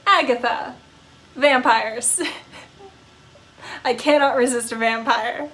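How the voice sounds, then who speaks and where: A woman's voice: a little high, fairly even intonation, slow, pauses often, a bit bright. A young woman giving casual, giggly, chatty asides while reading a game aloud. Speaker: game reader.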